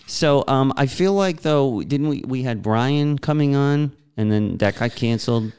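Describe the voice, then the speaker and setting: Lively, smooth-voiced male podcast host. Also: medium pitch, measured pace. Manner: playful, jokey asides. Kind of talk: casual podcast chat.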